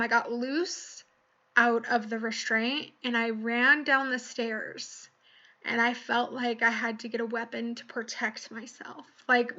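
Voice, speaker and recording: A young woman tells a personal story in an earnest, animated way, with a high, bright and forceful voice. The recording is dull and lo-fi. She keeps the tone of talking straight to a camera. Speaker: vlogger.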